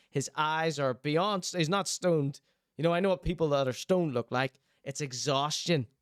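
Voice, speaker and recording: Male host, reaction show, teasing and chatty, higher smooth voice, dry close sound. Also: dry recording. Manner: chatty, teasing, mock-concerned asides. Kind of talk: casual reaction commentary.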